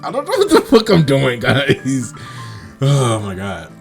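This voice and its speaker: A man's voice: medium pitch, wildly swooping pitch, a little slow, creaky, music in the background. A man hosting a game playthrough, chatting with viewers and reading the story aloud, often laughing self-consciously. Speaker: let's play host.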